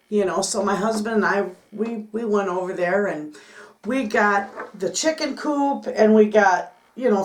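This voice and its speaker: A middle-aged woman vlogging about her homestead, telling a story to the camera in an excitable, chatty way. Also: mid-range voice. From Michigan, United States. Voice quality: chatty, excitable, repeats "I said" often. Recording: echoey room.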